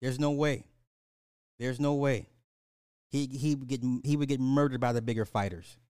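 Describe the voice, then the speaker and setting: A man's voice: mid-range voice, steady tone, normal speed, a little mellow, clean tone, dry recording, studio quality. A man hosting a podcast, rambling in casual commentary, laughing and apologizing for going off track. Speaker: podcast host.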